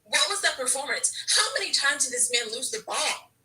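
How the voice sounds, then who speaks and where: A woman's voice: sits high, expressive, fairly quick, pushed and bright, distant mic, poor audio. A woman football fan ranting to camera in a frustrated, exasperated way, stammering and restarting her sentences. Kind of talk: emotional fan rant to camera.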